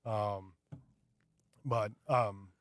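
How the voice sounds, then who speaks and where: A man chatting casually on a radio show, telling a rambling, animated story with many fillers. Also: lowish voice, very slow, no echo, clean studio sound. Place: radio studio.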